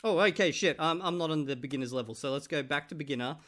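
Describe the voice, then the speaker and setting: On the high side and a little bright, this fast-talking man is a language-learning vlogger. He chats to camera in a relaxed, jokey manner and keeps addressing viewers as "guys."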